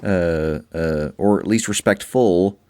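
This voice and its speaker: A man co-hosting a podcast, chatting casually about movies, animated and jokey. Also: low-pitched, takes it slowly, no echo, studio quality. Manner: animated, jokey, acts out quotes. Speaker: podcast co-host. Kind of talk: casual movie review chat.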